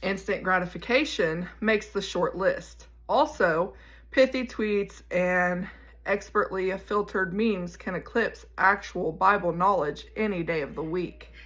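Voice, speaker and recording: A woman hosting a daily devotional, reading her message aloud in a measured, emphatic way before reflecting casually. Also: fairly low pitch, a bit bright. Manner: measured, emphatic, pointed delivery. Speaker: devotional podcast host.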